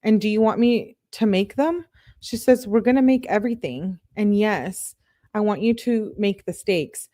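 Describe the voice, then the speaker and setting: A woman's voice: medium pitch, measured pace, mellow, dry recording. A young woman reading text messages aloud as a true crime commentator, with casual chatty asides.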